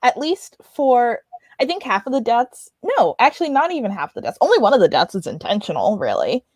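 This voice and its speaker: A woman's voice: very animated, brisk, a little mellow, husky, dry recording. A woman co-hosting a book club livestream, chatting wryly about the story. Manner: chatty, wry, drops into lower register. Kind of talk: casual book discussion.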